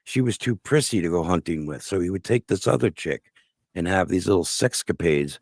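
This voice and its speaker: A man's voice: deep voice, lively intonation, moderate pace, no echo, clean studio sound. A man telling a personal family story in casual conversation, blunt and profane. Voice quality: gravelly. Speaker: guest telling his life story.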